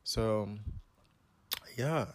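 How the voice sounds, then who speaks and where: Young man from Scotland and Nigeria, reflective casual interview answer, lowish voice, dry close sound. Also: drawn-out words, no echo. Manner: relaxed, reflective, loose with fillers. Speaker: photographer.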